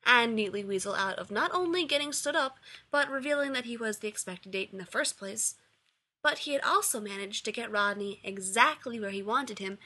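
A woman narrating a story aloud with a bright, forward tone. Her pitch sits in the middle, and she reads steadily through long sentences. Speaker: reader. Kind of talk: reading fan fiction aloud.

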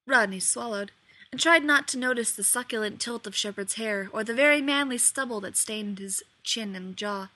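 A woman reading a story aloud in an expressive, lively way. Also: medium pitch, normal speed, no echo. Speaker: reader. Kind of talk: storybook narration.

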